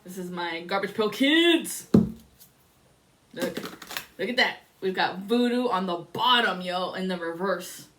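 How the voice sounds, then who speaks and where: A woman doing a casual tarot reading, telling a story in a rambling, excitable way and swearing often. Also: mid-range voice, measured pace, a little hiss or hum. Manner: rambling and profane. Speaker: tarot reader.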